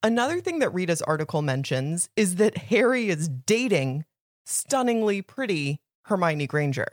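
A woman's voice: on the low side, big pitch swings, moderate pace, dry recording, studio quality. A young woman co-hosting a podcast, chatting casually about a book in an opinionated way, with lots of "like.". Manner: chatty, opinionated, heavy use of "like". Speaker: podcast co-host.

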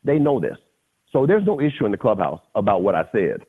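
A middle-aged man telling a story as a podcast guest, animated and slangy, often addressing the host by name. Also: fairly low pitch, a little fast, slightly rough. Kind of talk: casual storytelling. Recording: tinny phone-like audio.

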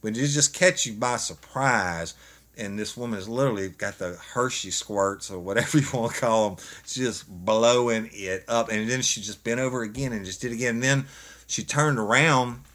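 Man, ex-cop podcast co-host, lowish voice, animated storyteller who laughs a lot. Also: fairly quick. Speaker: podcast co-host, former police officer. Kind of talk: casual storytelling.

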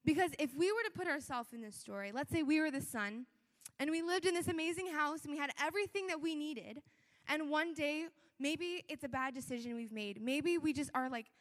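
A young woman with a high voice preaches to her church in a casual, earnest way, full of "like" and restarts. Her words ring out with a long echo, as if from a big church hall. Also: a little fast, fairly bright tone. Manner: conversational, earnest, with many fillers. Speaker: church speaker. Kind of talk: sermon.

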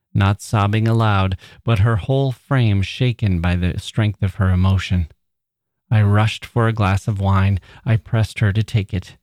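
A man who hosts a podcast, reading a classic short story aloud in a measured way. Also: lowish voice, a little mellow, no echo, clean studio sound.

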